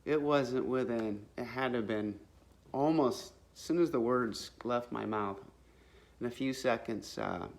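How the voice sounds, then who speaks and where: A man's voice: mid-range voice, a little slow, vocal fry. A man casually telling a personal faith story in a rambling, earnest way, full of fillers and restarts. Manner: faith-filled, religious language. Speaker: vlogger sharing a testimony.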